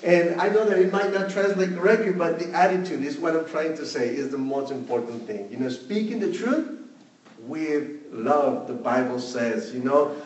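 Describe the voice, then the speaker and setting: A man, preaching a sermon as a pastor, slow and measured, with many "you know" fillers. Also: on the high side, a little mellow, dull audio. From Mexico. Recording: echoey room from a distance.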